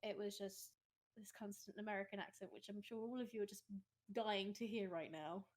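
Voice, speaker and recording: A woman's voice: mid-range voice, fairly even intonation, fairly quick. A woman from England with an English accent, hosting a casual podcast chat and bursting into giggly laughter. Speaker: podcast host.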